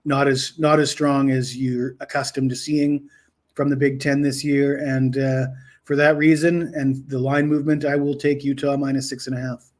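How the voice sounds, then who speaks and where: Flat-voiced man giving betting picks. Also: mid-range voice, normal speed. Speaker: sports betting analyst. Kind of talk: podcast pick analysis.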